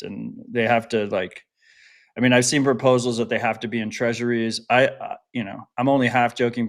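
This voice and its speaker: A man co-hosting a podcast in casual chat, blunt and opinionated, swearing freely. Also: fairly low pitch. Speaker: podcast co-host.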